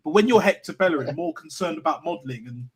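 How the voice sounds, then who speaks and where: A man's voice: a little high, animated, quick pace, a crowd in the background. A man giving blunt, heated opinions and swearing freely in a casual fan chat. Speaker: podcast co-host.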